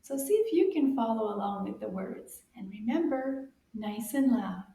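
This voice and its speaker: A woman teaching French to young children, coaxing them to repeat words and saying each word loudly and cheerfully. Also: a little high, lively intonation, normal speed, echoey room. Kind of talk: children's language lesson.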